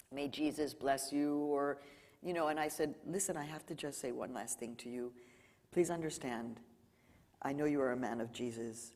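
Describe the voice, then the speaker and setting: A woman's voice: rumbling low, in a large hall. A journalist from Mexico, a woman, telling stories at a live library talk and acting out the people she quotes. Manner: animated storyteller, acts out quoted dialogue. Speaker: journalist, featured speaker. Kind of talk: live Q&A storytelling. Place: library event hall.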